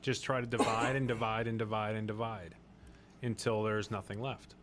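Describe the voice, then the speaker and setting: A man's voice: on the low side, level tone, moderate pace, background noise. Earnest preachy male podcast host. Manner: earnest, preachy, repeats phrases for emphasis. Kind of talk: faith-based podcast discussion.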